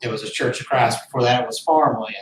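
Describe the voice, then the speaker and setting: Speaking at a quick pace in a mid-range voice, a man tells a host a personal story, earnest, rambling and heartfelt. The casual storytelling is recorded roomy on a distant mic, with faint noise.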